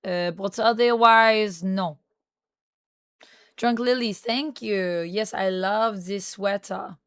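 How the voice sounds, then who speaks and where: A woman's voice: mid-range voice, fairly even intonation, takes it slowly, a bit bright, smooth, dry recording, studio quality. A woman streamer chatting casually on a livestream, reading viewer comments aloud and answering them, at times in a playful mock French Canadian accent.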